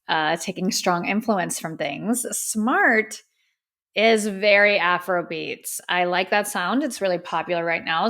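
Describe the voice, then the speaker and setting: A woman's voice: fairly low pitch, fairly bright tone. Candid woman podcast host reviewing music. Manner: candid and opinionated, with frequent fillers and laughs. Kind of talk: casual music review monologue.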